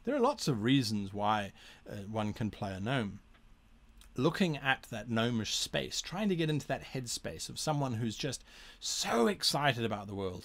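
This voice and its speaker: Animated man giving tabletop game tips. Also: mid-range voice, gravelly. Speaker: tabletop game advice host. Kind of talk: casual explanatory talk to camera.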